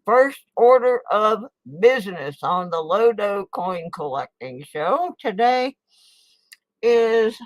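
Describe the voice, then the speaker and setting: A woman hosts a casual coin collecting livestream from home, chatting folksily and eating while she talks into her desk microphone. Her mid-range voice is animated but slow, in a dry recording with the highs cut off.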